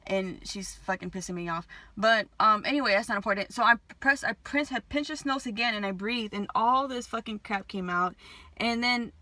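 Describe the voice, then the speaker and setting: Agitated swearing woman vlogger, bright voice. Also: medium pitch, normal speed, no room sound. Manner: agitated, heavy swearing, many restarts. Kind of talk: emotional storytime vlog.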